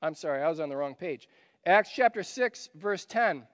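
A man preaching a sermon in a conversational way, asking rhetorical questions and swinging between loud emphasis and quiet asides. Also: on the high side, expressive, moderate pace, big-room sound. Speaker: pastor.

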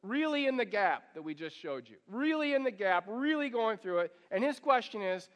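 A man's voice: sits high, very animated, normal speed, fairly bright tone. A male pastor preaching a sermon, earnest and pleading, drawing the congregation into reading along. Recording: long hall reverb.

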